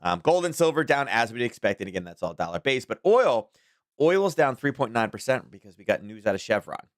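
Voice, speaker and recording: A man's voice: mid-range voice, big pitch swings, brisk, dry recording, studio quality. A man hosting a casual daily market commentary stream, talking in a rambling, chatty way with frequent chuckles.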